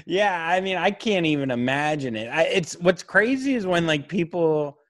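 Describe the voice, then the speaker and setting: Male podcast host, casual and crude, voice a touch high, dry close sound, playful riffing. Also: expressive, normal speed, a bit bright, dry recording. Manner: crude, joking, slips into mock voices. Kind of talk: casual chat over a video call. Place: remote location on weak Wi-Fi.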